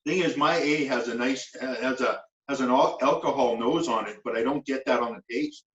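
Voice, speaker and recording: Canadian dude explaining whisky plainly, kinda far from the mic, muffled, echoey. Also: male voice, mid-range voice, brisk, fairly bright tone. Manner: matter-of-fact, explanatory. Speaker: co-host of a whisky tasting show. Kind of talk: casual tasting chat.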